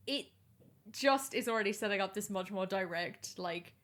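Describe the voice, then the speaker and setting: A woman's voice: medium pitch, normal speed, fairly bright tone. A woman co-hosting a podcast, talking casually with a wry, swearing humour and frequent laughs. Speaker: podcast co-host.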